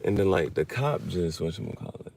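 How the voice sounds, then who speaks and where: Low-voiced guy, aave, rambling loose vlog talk, pitch jumps all over. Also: animated, brisk, creaky, darkish tone, slight background noise. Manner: rambling, loose, with many restarts and fillers; spells out unfamiliar words letter by letter. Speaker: vlogger. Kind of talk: casual chat while reading.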